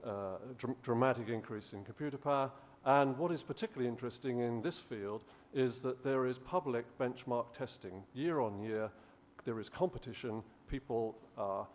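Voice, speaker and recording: A man's voice: medium pitch, slight background noise. A male professor giving a conference lecture, explaining steadily with frequent restarts. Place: conference hall.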